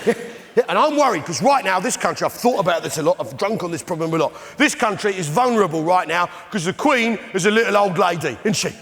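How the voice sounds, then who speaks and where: Playing his pub landlord persona on a big theatre stage, the middle-aged English comic blusters and bellows with indignation at a laughing audience. He talks fast in a high, animated, slightly bright voice, with a long reverb tail and slight background noise in the live recording.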